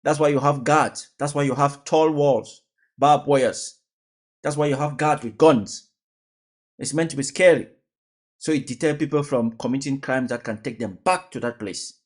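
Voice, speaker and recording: A man's voice: mid-range voice, normal speed. A man giving casual reaction commentary, emphatic and fond of repeated rhetorical questions.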